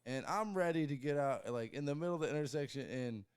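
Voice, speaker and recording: A man from Florida hosting a podcast, telling a story in animated casual chat and laughing often. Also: a little high, quick pace, clear, resonant tone. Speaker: podcast host.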